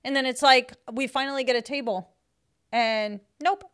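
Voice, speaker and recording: A woman's voice: high voice, fairly even intonation, moderate pace, fairly bright tone, clean tone. A young woman co-hosting a podcast, chatting casually, exasperated in her stories and playfully goofy. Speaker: podcast co-host. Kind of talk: casual chat.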